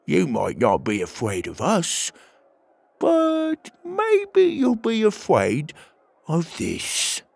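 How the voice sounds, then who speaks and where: A man's voice: a little high, sing-song, measured pace, no echo, voice pushed up, exaggerated voice. A man voicing Petey, a brave young platypus hero, in an earnest, raised voice for an audio story.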